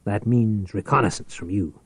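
A man voicing a ruthless, scheming rich businessman who talks forcefully and persuasively. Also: lowish voice, moderate pace, husky, no room sound. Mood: calculating.

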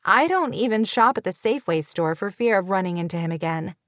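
A woman reading an audiobook, voicing a proud, prickly young woman teacher who answers in sharp, clipped retorts. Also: mid-range voice, expressive, a little fast, no echo, lightly acted. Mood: scornful.

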